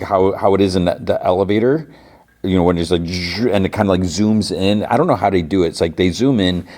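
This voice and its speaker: Deep-voiced man rambling through a recap. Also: darkish tone. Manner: rambling, full of "like" and restarts. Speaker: podcast host. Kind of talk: casual recap chat.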